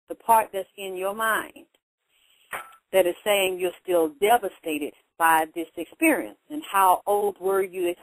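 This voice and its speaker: A woman's voice: medium pitch, animated, unhurried, no room sound, rough recording. A woman speaking in a casual monologue, blunt and profane, repeating points for emphasis. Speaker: vlogger giving life advice.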